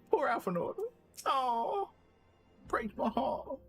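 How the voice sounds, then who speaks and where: Chatty, excitable male game streamer. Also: mid-range voice, moderate pace, long pauses, soft background music. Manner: excitable, chatty, laughs often. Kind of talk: live game-stream commentary.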